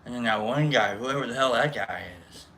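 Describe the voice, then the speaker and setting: A man's voice: medium pitch, a little fast, noisy background. A man hosting a casual livestream, playfully greeting his viewers by name in a mock-formal manner. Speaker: livestream host.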